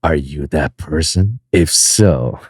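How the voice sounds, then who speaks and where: A man putting on a deep, growling voice for a bored, menacing male mastermind villain who taunts slowly. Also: expressive, breathy edge, no echo, clean studio sound, exaggerated voice. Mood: taunting. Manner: slow, taunting. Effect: pitched-down vocal processing.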